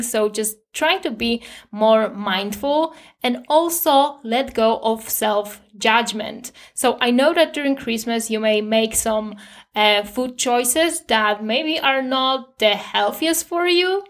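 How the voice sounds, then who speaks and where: High-voiced woman hosting a podcast. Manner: gentle, reassuring advice. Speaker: podcast host. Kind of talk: solo podcast talk.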